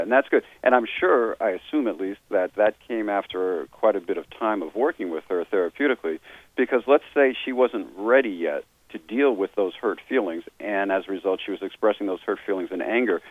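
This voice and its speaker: Male therapist guest, slightly low voice, earnest and explanatory, heard over a thin phone line. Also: dry recording. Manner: earnest, explanatory, restarts phrases. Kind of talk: conversational interview talk. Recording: dry, tinny phone line.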